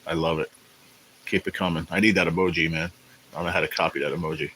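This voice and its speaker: A man hosting a casual live stream, rambling in a laid-back way and greeting viewers by name, sounding tired and low on energy. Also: steady tone, quick pace, sharp tone, a little hiss or hum, poor audio. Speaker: livestream host. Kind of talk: casual livestream chat.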